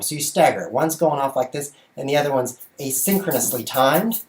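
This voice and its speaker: A man chatting on a casual livestream from his bedroom, his voice at an ordinary middle pitch. He jokes and describes each step as he goes. A faint hiss sits behind him on the webcam mic. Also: animated, fast talker, few pauses, a little mellow. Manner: playful and jokey, narrating while he juggles. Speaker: chess streamer and show host. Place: bedroom at home.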